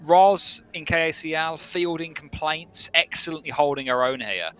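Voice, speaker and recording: Bright-voiced Brummie man chatting. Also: a little high, normal speed. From Birmingham, England. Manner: enthusiastic, chatty, with frequent restarts. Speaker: podcast co-host. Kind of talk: casual podcast chat.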